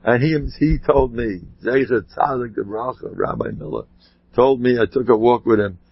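A man giving an informal Torah talk, telling rambling stories with animated asides. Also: mid-range voice, moderate pace, vocal fry, slightly rough. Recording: dull lo-fi sound.

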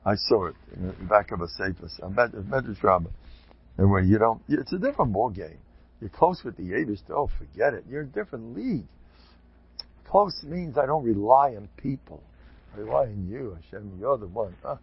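A man giving an informal Torah talk, animated and digressive, with chuckling asides, on a dull lo-fi recording. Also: fairly low pitch, moderate pace, husky. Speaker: religious lecturer.

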